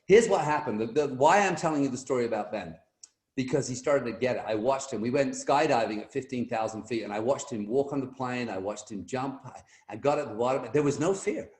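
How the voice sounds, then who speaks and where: A middle-aged man telling an energetic motivational story as a guest speaker on a team video call, acting out the voices in his anecdotes. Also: mid-range voice, brisk, echoey room.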